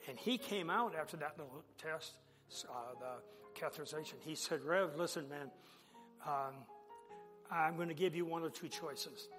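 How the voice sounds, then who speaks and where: A man preaching as a pastor, telling a personal story with animated delivery and acting out the dialogue. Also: on the high side, moderate pace. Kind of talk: sermon storytelling. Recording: long echo of a large hall, faint music.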